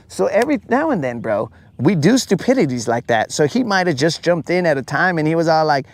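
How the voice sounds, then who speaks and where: Man, live fishing stream host, joking banter, fairly high voice, outdoors on a boat. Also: big pitch swings, brisk, few pauses, no echo. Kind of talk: casual live-stream chat.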